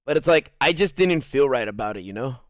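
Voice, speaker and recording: A man's voice: medium pitch, lively intonation, fairly quick, no echo, clean studio sound. A man streaming live, telling rambling stories to his chat and acting out quotes in jumping voices, with a lot of swearing. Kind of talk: casual storytelling to live chat.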